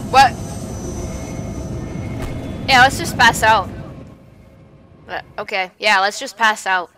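A woman commentating while she plays a horror game, jumpy and swinging between hushed muttering and panicked yelling. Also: mid-range voice, takes it slowly, a little hiss or hum. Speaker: gaming video creator.

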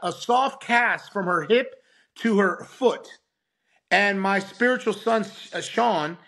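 A man, a pastor, telling a testimony as a podcast guest and acting out the voices of the people in it. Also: sits high. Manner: animated, acts out quoted voices. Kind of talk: storytelling testimony.

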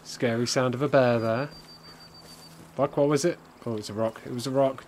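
A man's voice: medium pitch, fairly even intonation, moderate pace, darkish tone, a little hiss or hum. A man streaming live gameplay commentary, jokey and sarcastic, swearing often.

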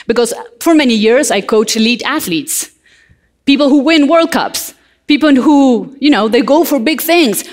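A woman from Argentina, giving a lively motivational talk on stage and addressing the audience directly. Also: fairly high pitch. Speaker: motivational speaker. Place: large hall on stage.

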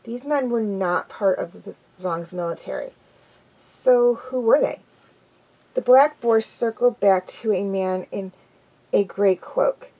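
A woman's voice: medium pitch, dark tone, dull audio. A woman reading a children's adventure story aloud, with an unpolished delivery that stumbles and restarts now and then.

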